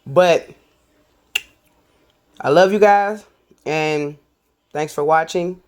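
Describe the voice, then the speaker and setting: Very slow and deep, with a darkish tone, this woman chats with her audience as she assembles and tastes a burger for her cooking vlog. Her manner is chatty, and she speaks to everyone as "y'all."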